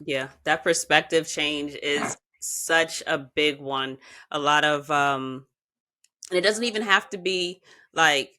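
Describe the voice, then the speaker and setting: Brief: woman podcast host, very low voice with a sharp, bright edge, relaxed conversational delivery. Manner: relaxed, chatty, quick affirmations. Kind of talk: casual interview chat.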